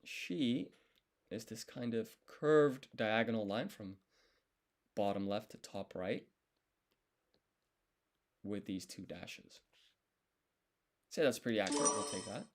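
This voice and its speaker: A man studying on a live stream, thinking aloud and correcting himself as he works through each character in a relaxed, casual way. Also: lowish voice, slow, long pauses. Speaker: language learner streaming his study.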